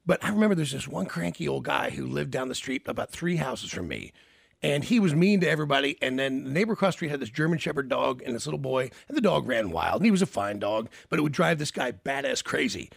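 A man hosting a casual talk show, telling crude, self-mocking stories in an animated way. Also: on the high side, creaky, no echo, clean studio sound. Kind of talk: casual storytelling chat.

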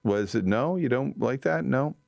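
A man's voice: medium pitch, lively intonation, normal speed, vocal fry, a little mellow, no echo, lo-fi sound. A man hosting a radio talk show, making dry, sarcastic remarks about news clips in a casual way. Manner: dry, sarcastic, dismissive asides.

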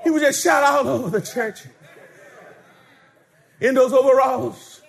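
A man preaching a fervent sermon, chanting hymn lines and shouting to the congregation. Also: extremely high pitch, measured pace, vocal fry.

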